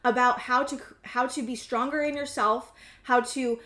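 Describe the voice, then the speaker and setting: A woman in her thirties with a fairly high voice talks through a tarot reading, rambling and intuitive, stopping and restarting as she goes. Her voice carries a noticeable room echo. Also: fairly even intonation, normal speed, a bit bright. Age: 30s. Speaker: tarot reader. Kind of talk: casual tarot reading to camera.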